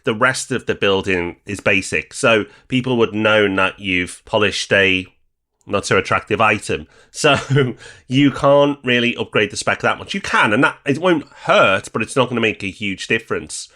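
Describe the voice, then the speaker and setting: A man from northern England co-hosting a property podcast, calmly weighing up investment deals. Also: on the low side. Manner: measured, weighing pros and cons aloud. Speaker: podcast co-host. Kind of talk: casual podcast discussion.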